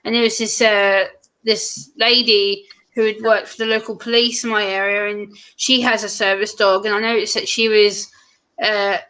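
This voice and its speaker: A woman's voice: mid-range voice, little pitch movement, normal speed, pushed and bright, clear, resonant tone, poor audio. A woman chatting casually, telling a story about meeting a service dog. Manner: chatty anecdotes with fillers. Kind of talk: casual chat.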